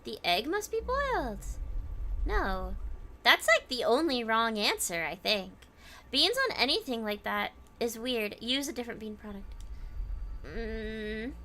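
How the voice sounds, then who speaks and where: A woman's voice: fairly high pitch, pushed and bright, slight background noise. A woman streamer chatting casually while gaming, reading viewer comments aloud and answering them.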